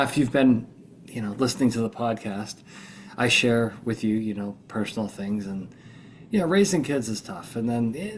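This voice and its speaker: A man's voice: medium pitch, darkish tone, slight background noise. A middle-aged American man hosting a podcast in casual chat, groggy from just waking up, rambling and chatty with many restarts. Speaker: podcast host.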